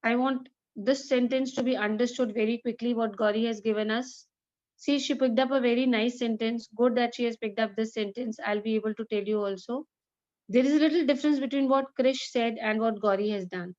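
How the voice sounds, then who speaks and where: A woman teacher runs a lesson, her voice sitting a little high. She praises her students and slowly repeats each example sentence. The audio is muffled and lo-fi. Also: steady tone, a little mellow. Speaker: English teacher. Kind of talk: online grammar class with students.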